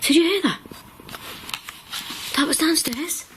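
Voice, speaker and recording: A woman paranormal investigator calling out to spirits in an old farmhouse at night, nervous and breathy, recorded on a handheld camera. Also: sits high, slow pace, a bit bright, a little hiss or hum. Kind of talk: ghost-hunting calling out.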